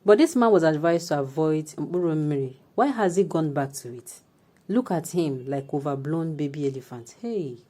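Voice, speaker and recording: A woman with a Nigerian accent and a somewhat low voice presents news commentary. She reads steadily, then slips into a looser, chattier manner as she reads out viewers' comments. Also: moderate pace, mellow.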